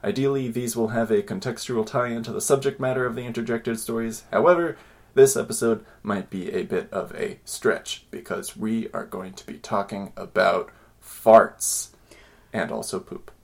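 A man hosting a podcast who talks in a quick, rambling way. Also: on the low side, fairly even intonation, gravelly. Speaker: podcast host. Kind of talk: casual podcast chat.

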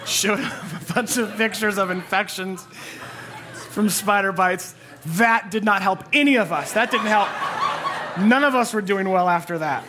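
A man's voice: high-pitched, a little slow, noisy background. A man in his thirties preaching to a church congregation, telling a personal family story in an earnest, conversational way. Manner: earnest and conversational, acting out quotes. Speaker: pastor.

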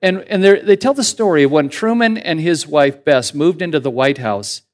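A man preaching a sermon as pastor in a conversational, animated way, building to emphatic points. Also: on the high side, normal speed.

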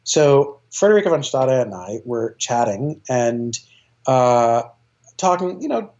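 A man talks with eager enthusiasm in a casual interview, rambling through his thoughts with frequent fillers and self-corrections. His voice is mellow and dark, and the recording sounds dull and lo-fi. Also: mid-range voice. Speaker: choir director and guest.

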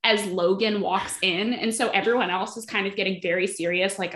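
Casual woman podcaster, mid-pitch, chatty, retells scenes with quoted dialogue. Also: fairly quick, hardly any pauses, fairly bright tone. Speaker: podcast co-host. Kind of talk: casual chat recapping a TV episode.

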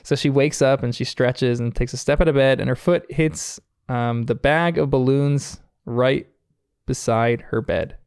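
An American podcast host recaps a cartoon episode earnestly and reflectively, chuckling often. His medium-pitched voice is smooth, resonant, and a little mellow with a gravelly edge, steady in tone and a little slow. The recording is close and dry, with no room sound or echo.

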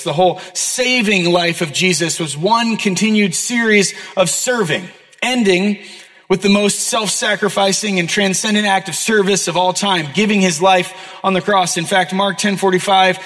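A young male pastor with a notably high voice delivers an earnest, conversational sermon, slipping in self-deprecating asides. His words ring out with a long reverb tail, as in a big church hall. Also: a bit bright. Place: church auditorium.

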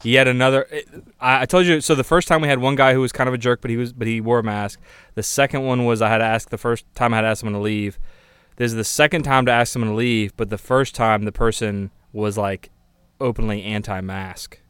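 A man's voice: mid-range voice, steady tone, fairly quick, a bit bright, smooth, dry recording. A man co-hosting a podcast in casual chat, telling a work story with lots of laughs and acted-out voices. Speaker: podcast co-host; record store worker.

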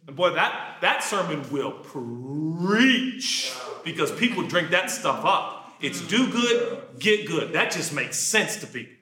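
A man preaching a sermon, animated, jumping from shouted lines to quiet asides. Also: on the high side, takes it slowly, few pauses. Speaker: pastor. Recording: echoey room.

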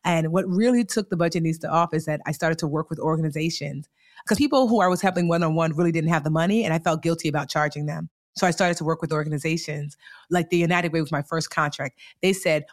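A woman in her forties telling her own story as an interview guest, in a chatty, animated way with many fillers. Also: low voice, fast. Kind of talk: casual storytelling.

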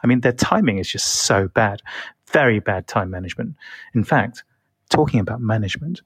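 A man's voice: on the low side, expressive, brisk, breathy edge, no room sound. A man giving a comic monologue as a guest, switching between his own English voice and a put-on accent. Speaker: guest interviewee. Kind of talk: recorded comedic monologue.

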